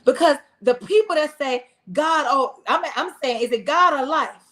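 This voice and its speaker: A woman's voice: high voice, normal speed, a bit bright. A woman pastor, preaching in a live-streamed sermon talk with call-and-response and repeated phrases. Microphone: wears hearing aids, speaking to camera.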